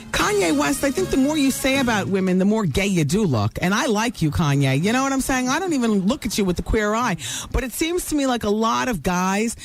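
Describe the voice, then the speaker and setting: A woman hosting a talk radio show, dishing celebrity gossip in a brassy, teasing manner. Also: medium pitch.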